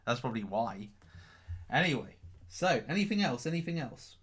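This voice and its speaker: A man's voice: medium pitch, expressive, brisk, fairly bright tone, husky. A man hosting a casual live stream, reading out chat questions. He rambles, repeats his own phrases and swears offhand. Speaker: crypto livestream host.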